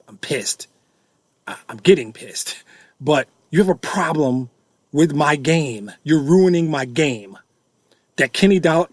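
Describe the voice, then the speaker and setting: A man's voice: on the high side, dry recording. A middle-aged man hosting a fan-reaction podcast, ranting in an exasperated, repetitive way and hammering the same points over and over. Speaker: podcast host.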